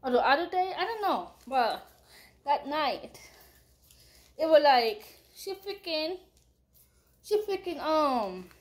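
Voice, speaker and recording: A young woman tells a rambling storytime at home through a headphone mic, full of slang and casual cussing. Her voice sits high and swings widely as she talks. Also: slow, pauses often. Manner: rambling, animated, swears freely, slangy. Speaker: vlogger.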